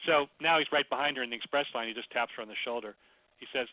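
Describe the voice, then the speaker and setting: A man presenting a storytelling webinar in a conversational, animated way, telling a story as he teaches. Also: mid-range voice, quick pace, no room sound, rough recording. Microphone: computer mic, webinar audio.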